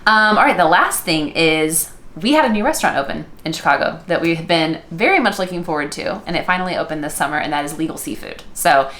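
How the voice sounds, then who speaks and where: A woman's voice: deep voice, expressive, fast talker, hardly any pauses, fairly bright tone, echoey room. A woman co-hosting a casual vlog conversation, chatty and upbeat, often saying "um" and "yeah". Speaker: co-host of a couples channel.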